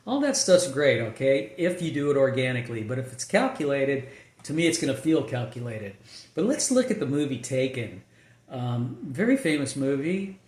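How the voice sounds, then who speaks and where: A man's voice: mid-range voice, very animated, normal speed, a little mellow. A male screenwriter talking casually about his writing process, rambling with lots of fillers and restarts. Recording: echoey room.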